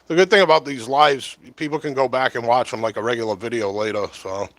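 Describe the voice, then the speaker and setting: A man's voice: mid-range voice, fast talker, no echo. Rambling middle-aged man on a livestream. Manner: chatty, meandering, lots of fillers. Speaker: livestream host. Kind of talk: casual rambling livestream chat. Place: home, close to camera. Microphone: short-corded mic right at the camera.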